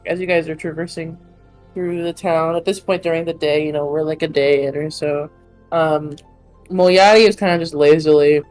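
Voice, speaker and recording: A woman runs a tabletop game in a lowish voice, narrating in loose, rambling sentences full of fillers. Faint music plays underneath. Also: fairly even intonation, moderate pace, a little mellow, poor audio. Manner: rambling, filler-heavy, giggly. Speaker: game master.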